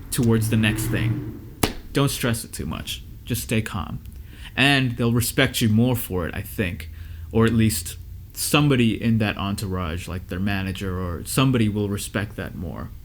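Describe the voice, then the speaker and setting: Casual laid-back male music engineer. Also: medium pitch. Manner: loose conversational storytelling, many fillers. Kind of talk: casual Q&A advice talk.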